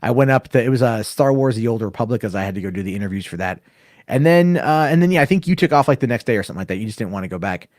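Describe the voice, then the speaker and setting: Profane, animated male podcast storyteller. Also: mid-range voice, racing, no room sound, studio quality. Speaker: podcast host. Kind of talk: casual storytelling chat.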